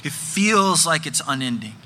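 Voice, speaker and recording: Bright-voiced earnest male preacher. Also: a little high, big pitch swings, unhurried, a little hiss or hum. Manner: earnest, emphatic, repeats phrases for effect. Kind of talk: sermon.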